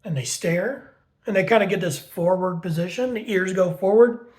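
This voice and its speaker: A man's voice: high-pitched, normal speed, darkish tone. A man teaching dog training in a loose, unscripted way. He is blunt and swears without hesitation. He drives his points home by repeating words and reaching for homemade everyday comparisons. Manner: blunt, swears freely, explains with homemade analogies. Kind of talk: casual teaching talk.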